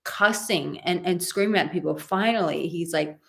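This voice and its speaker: A woman's voice: lowish voice, moderate pace, gravelly. Emphatic woman coaching in a live stream. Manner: emphatic, rambling with tangents. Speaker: dating and relationship coach.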